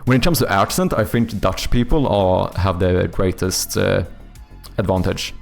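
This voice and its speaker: Gravelly Swedish-accented male streamer. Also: low-pitched, soft background music. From Sweden. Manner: halting, self-correcting, thinks aloud while answering chat. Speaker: streamer and game developer. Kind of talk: casual live-stream chat.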